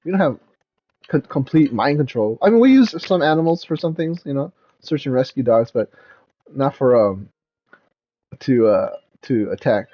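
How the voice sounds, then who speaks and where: A man's voice: mid-range voice, expressive, normal speed, long pauses, dark tone. A man talking casually as a dad vlogger, retelling a movie in a rambling way, full of fillers like "like" and "um.".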